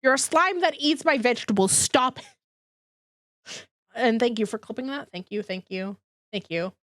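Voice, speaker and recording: A woman's voice: a little high, measured pace, no room sound, studio quality. A congested woman chatting casually with her live-stream audience, bubbly and rambling, laughing often.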